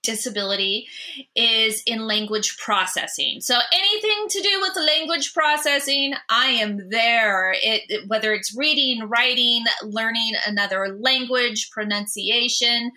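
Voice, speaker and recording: A woman's voice: a little high, lively intonation, a little slow, bright, forceful tone. A woman guest in an interview, talking openly and with animation while she stutters on repeated sounds. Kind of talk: interview conversation.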